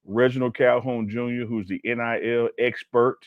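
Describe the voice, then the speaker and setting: A man's voice: mid-range voice, steady tone, moderate pace, dry recording, phone-quality sound. A man co-hosting a casual sports talk show, telling stories with emphatic, laid-back slang. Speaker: co-host.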